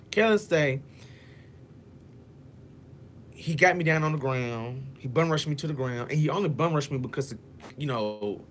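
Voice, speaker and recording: This is an animated storytime vlog: a man with a medium-pitched voice spins a dramatic, profanity-laced tale for viewers he calls "y'all." He voices every character's words in shifting tones, and there's slight background noise.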